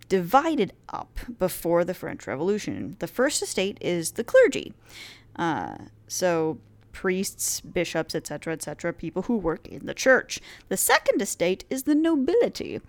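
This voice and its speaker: Chatty woman with a lively voice. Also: fairly low pitch. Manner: chatty, playful, many "uh" fillers. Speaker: history podcast host. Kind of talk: casual history lecture.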